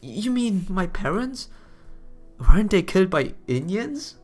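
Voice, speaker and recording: A frightened young girl, as a man voices her in a game, pleads in a high, strained voice. She sounds anxious and confused, pushing her words out with worry. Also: very animated, measured pace, darkish tone, faint music behind, heavily acted. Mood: pleading, upset.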